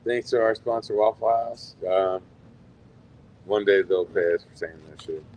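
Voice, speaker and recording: A man's voice: lowish voice, measured pace, a little mellow, slight background noise, low-quality recording. A man co-hosting a casual podcast, laid-back and joking in a crude way. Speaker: podcast co-host.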